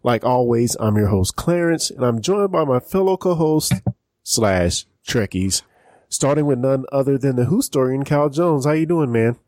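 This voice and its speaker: A man's voice: mid-range voice, lively intonation, normal speed, darkish tone, dry recording, clean studio sound. A man hosting a fan podcast, upbeat and chatty as he introduces guests and reads plugs. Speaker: podcast host. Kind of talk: casual podcast chat.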